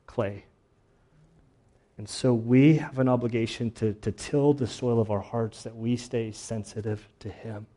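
A man's voice: mid-range voice, mellow. A middle-aged man preaching a sermon as pastor, earnest and personal, telling stories from his own life and at times choked up. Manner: earnest, personal storytelling, voice breaking with emotion.

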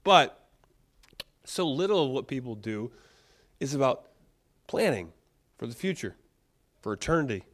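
A man preaching a sermon in a conversational, animated way, with frequent restarts and rhetorical questions. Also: medium pitch, a little slow, pauses often. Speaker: pastor.

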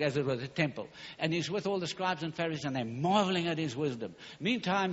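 A man preaching a fervent sermon, emphatic and hurried, stumbling over words at times. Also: a little high. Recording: dull recording in a large hall.

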